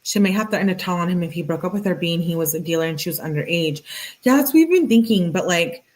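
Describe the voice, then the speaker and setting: A woman's voice: fairly low pitch, animated, fast talker, a little mellow, poor audio. A woman host reading text messages aloud in a casual, conversational way, with her own chatty commentary full of "like". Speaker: channel host.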